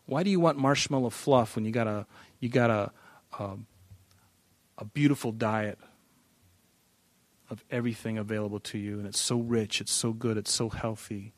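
Dry-voiced pastor teaching scripture. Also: male voice, lowish voice, fairly even intonation, normal speed, pauses often, dry recording. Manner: emphatic, repeats words, varies loudness for stress. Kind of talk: expository Bible teaching.

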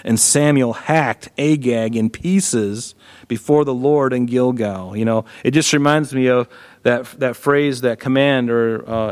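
A man's voice: mid-range voice, measured pace, a little mellow. A man teaching through a Bible passage in a casual, earnest way, often checking in with listeners. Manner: earnest, frequent "right?" asides and restarts.

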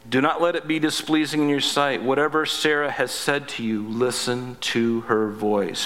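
A man with a bright, forceful voice preaches a sermon, reading scripture passages and pausing to comment on them. His voice rings out in a hall with long reverb, sitting a little higher than most men's. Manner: reads scripture aloud, breaks in with asides.

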